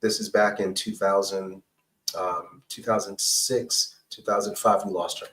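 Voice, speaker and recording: A man's voice: on the low side, level tone, a little slow, fairly bright tone, distant mic, poor audio. A middle-aged man, a counselor and pastor, telling a personal story to a podcast host in an earnest, emphatic way, often checking in with "right?" and "okay?". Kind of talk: candid personal storytelling in an interview.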